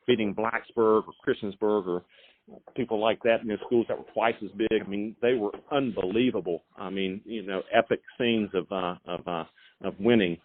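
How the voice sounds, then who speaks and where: Man, football coach, halting speech, phone-quality sound, low pitch. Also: a little hiss or hum. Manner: halting, many repeated words and fillers. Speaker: high school football coach. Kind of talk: phone interview. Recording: phone line.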